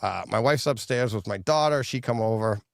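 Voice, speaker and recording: Man, middle-aged, casual co-host chat, animated storytelling, dry close sound. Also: mid-range voice, brisk, gravelly, no echo. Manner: animated storyteller, quoting himself in a raised voice. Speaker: podcast co-host. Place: home theater room.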